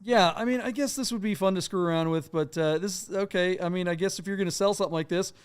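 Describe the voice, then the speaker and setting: A man co-hosting a live car auction stream, with a fairly high voice that is smooth and clear. He talks casually and bluntly, with sarcastic asides and plenty of fillers. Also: quick pace.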